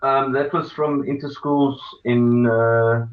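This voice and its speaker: A man's voice: mid-range voice, fairly even intonation, takes it slowly. A man, a former rugby referee, talking as a guest over a video call, hesitant with many fillers. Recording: dull lo-fi video call audio.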